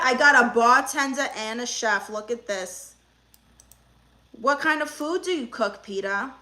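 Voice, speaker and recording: A young Brooklyn, New York woman plays a comic aunt therapist on a live stream, answering viewer comments with sass and teasing. Her voice is bright, slightly high and sharp-edged, and she doesn't hurry.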